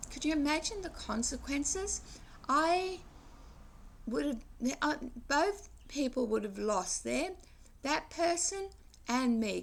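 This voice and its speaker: An English woman in her sixties rambles earnestly through a reflective vlog monologue, restarting sentences as she moralizes. Her voice sits on the high side and sounds gravelly and a bit bright, with a little hiss or hum in the audio.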